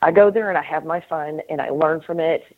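A middle-aged woman hosting a casual spiritual conversation, earnest and animated, laughing often and acting out inner voices. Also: sits low, a little fast. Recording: tinny phone-line call audio.

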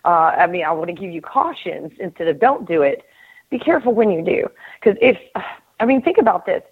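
A woman's voice: lowish voice, fairly quick, slightly rough. Earnest middle-aged woman on a tinny phone line. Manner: earnest, animated, laughs often, acts out inner voices. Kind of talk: casual spiritual conversation.

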